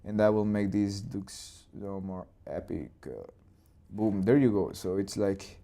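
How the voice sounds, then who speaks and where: Young guy storyboarding live, rambly, goes boom and plop, soft mellow voice. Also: measured pace. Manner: loose and rambling, with sound effects and restarts. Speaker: animator and channel host. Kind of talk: live storyboarding talk-through.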